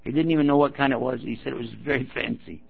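A man's voice: medium pitch, fairly even intonation, quick pace, gravelly, breathy edge. A man preaching to an audience, telling a story and acting out the people in it, now and then prodding the listeners directly. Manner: acts out quoted speakers in his stories; addresses the audience directly and prods them. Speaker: Muslim preacher. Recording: tinny phone-like recording.

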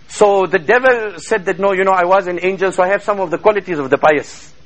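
A man's voice: high-pitched, quick pace, few pauses, low-quality recording. A man preaching a sermon in a mosque, fervently chanting Arabic verses between English passages, heard over a radio broadcast.

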